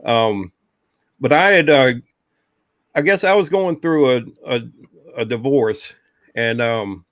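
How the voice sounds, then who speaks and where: A man's voice: medium pitch, expressive, slow, long pauses, a bit bright, dry recording, studio quality. A man telling a long personal ghost story in a casual, rambling way, with many fillers.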